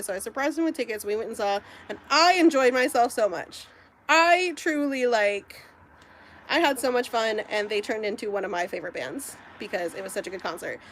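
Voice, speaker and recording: A woman's voice: medium pitch, a bit bright. A young woman from the United States talking casually while crafting, gushing and rambling with lots of fillers. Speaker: crochet vlogger.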